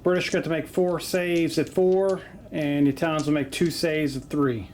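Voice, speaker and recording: A man's voice: on the high side, fairly even intonation, moderate pace, heavy background noise. Chatty man calling a wargame. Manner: chatty, jokey, frequent "uh" fillers. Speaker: tabletop wargame host. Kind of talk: casual battle report commentary. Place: home basement.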